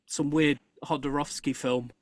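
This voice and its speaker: A host in casual chat tells a story with animated energy, stopping and restarting mid-sentence. The voice sits at a middling pitch, recorded dry and close with no room sound. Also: unhurried, dry recording. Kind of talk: casual chat on a live show.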